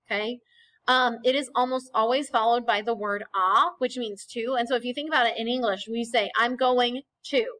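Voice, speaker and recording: A woman with a fairly high voice teaches a recorded lesson over slides. She explains things patiently and step by step, often pausing to check in with a quick "okay?". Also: steady tone, pushed and bright, poor audio. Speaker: Spanish teacher.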